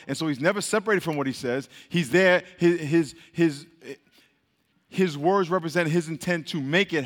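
A man preaching a sermon, leading the congregation in call-and-response with quick, repeated prompts. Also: fairly high pitch. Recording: long reverb of a hall.

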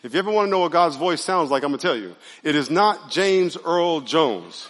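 Animated pastor preaching in an echoey hall. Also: male voice, fairly high pitch, fairly quick, a little hiss or hum. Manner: conversational, animated preaching with audience call-and-response. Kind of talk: sermon. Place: church sanctuary.

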